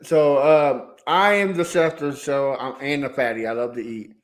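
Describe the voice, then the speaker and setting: A man's voice: mid-range voice, steady tone, moderate pace. Easygoing podcast co-host man. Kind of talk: casual podcast chat.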